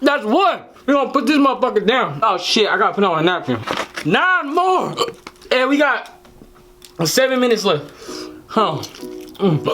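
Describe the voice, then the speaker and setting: Young man, challenge-video creator; bouncy, high, cussing, teary-eyed yelps over background music. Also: normal speed, long pauses. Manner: excitable, profane, loud yelps and exclamations. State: flustered and teary from spicy food. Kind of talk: casual on-camera commentary while eating.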